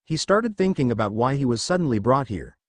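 A man narrating a fan fiction story in an animated reading voice. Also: mid-range voice, a little fast, no echo. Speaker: fanfiction reader.

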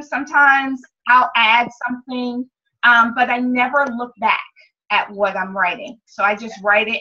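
Female team leader with a fairly high voice, candid motivational talk, swears casually, muffled recording. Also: fairly even intonation, measured pace, sharp tone.

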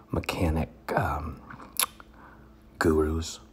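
Very husky low-voiced man, mock-pompous. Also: steady tone, slow, long pauses. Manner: mock-pompous, rambling, drifting into whispers. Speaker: comedic poetry reader. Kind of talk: mock-literary poetry reading with rambling asides.

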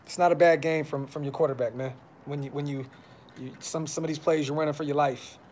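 A man's voice: fairly high pitch, steady tone, fairly quick, darkish tone, slight background noise. A man hosting a fan podcast, talking casually on a live stream with frustration, blunt slang and lots of repeats. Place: brother's house.

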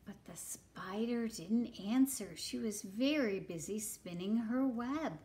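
A woman reading a picture book aloud to young children, gentle and expressive, inviting them to make the animal noises with her. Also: medium pitch, slow, few pauses. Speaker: children's story reader.

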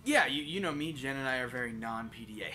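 A man's voice: medium pitch, expressive, a little fast. Co-host type: a foul-mouthed young guy, ranting and teasing his friend. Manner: loud, profane ranting and mock outrage. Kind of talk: casual gaming banter.

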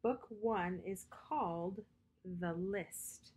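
A woman's voice: mid-range voice, extremely slow, darkish tone, husky. A woman reading a bedtime story to children as their storyteller, friendly and speaking directly to her young listeners.

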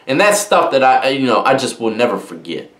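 A man's voice: medium pitch, sing-song, brisk, a bit bright. Casual man, echoey room. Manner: conversational, rambling, slangy, with "man" and "you know". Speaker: channel host telling prison stories. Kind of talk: casual storytelling monologue.

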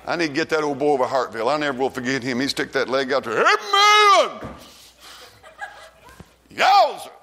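A man preaching a revival sermon, fervently calling out and then dropping to a hushed tone. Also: racing, hardly any pauses, slight background noise. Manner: fervent, shouts rises then drops low and hushed.

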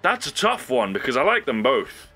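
A man's voice: mid-range voice, moderate pace, faint music behind. A young man hosting his own video, talking casually and rambling with frequent laughs. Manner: animated, rambling, laughs often. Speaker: YouTube host. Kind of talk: casual solo commentary.

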